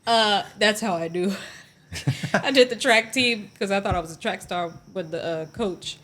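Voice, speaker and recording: Laughing, animated woman telling stories. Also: medium pitch, a little slow. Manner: animated storyteller, laughs often. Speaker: guest actress. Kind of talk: casual chat. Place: podcast studio.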